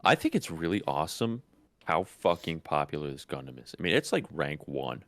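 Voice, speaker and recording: Very deep gravelly man, lively chat. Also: brisk, no room sound. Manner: swearing, excitable. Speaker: podcast co-host. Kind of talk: casual chat.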